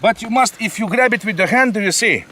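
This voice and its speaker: A man's voice: sits high, fast, bright, forceful tone. A man reviewing a model plane in casual chat, often tagging sentences with a questioning "eh?". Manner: chatty, ends phrases with a questioning "eh?".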